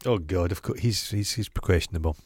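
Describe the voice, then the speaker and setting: An opinionated Scottish man co-hosting a podcast, swearing freely and teasing his co-host. His voice is on the low side, and the recording is close and dry. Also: a little mellow, husky, no room sound. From Scotland. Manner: opinionated, sweary, quick to tease. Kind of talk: casual chat.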